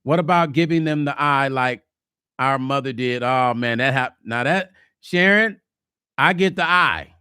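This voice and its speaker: A man hosting a casual livestream vlog, reading viewer comments and talking relationships in a chatty, animated way. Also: mid-range voice, measured pace, clean tone, dry recording, clean studio sound. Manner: chatty, animated, slips into mock quotes. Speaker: vlog host.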